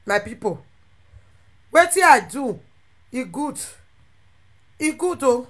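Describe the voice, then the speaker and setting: A woman speaking with a Nigerian Pidgin accent, ranting animatedly to her followers and swinging between loud outbursts and quieter asides. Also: high voice, animated, takes it slowly, pauses often. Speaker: social media content creator. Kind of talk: impassioned monologue to followers.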